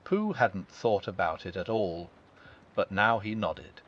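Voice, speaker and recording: A man narrating a children's classic as a calm bedtime audiobook, gentle and expressive. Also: deep voice, takes it slowly. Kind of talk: calm bedtime storybook reading. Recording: dull lo-fi.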